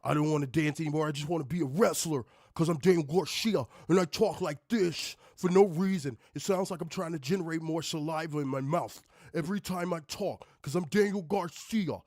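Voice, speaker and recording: A man doing a mocking impression of a male wrestler who talks with his mouth stretched wide, in a slow, exaggerated, pompous way. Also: a little high, a little mellow, no echo, studio quality.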